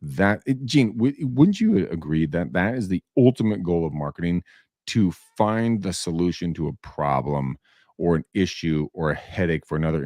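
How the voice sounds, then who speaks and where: A man hosting a casual talk show, animated and laughing, swearing freely as he tells stories. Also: rumbling low, dry recording. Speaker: show host. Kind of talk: casual podcast banter.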